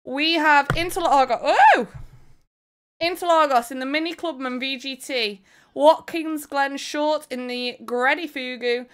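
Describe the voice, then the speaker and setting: A woman hosting a live stream, talking to her viewers in a loud, excitable way. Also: sits high. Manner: excitable, loud, fast-shifting energy. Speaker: streamer host.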